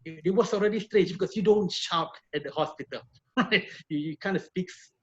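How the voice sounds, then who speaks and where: A middle-aged man from Malaysia, a professor telling a personal story in an animated way with many repeated words, heard over a video call. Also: sits high, fairly quick, slightly rough. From Malaysia (Perak). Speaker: professor and guest speaker. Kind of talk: storytelling talk. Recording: dull lo-fi video call audio.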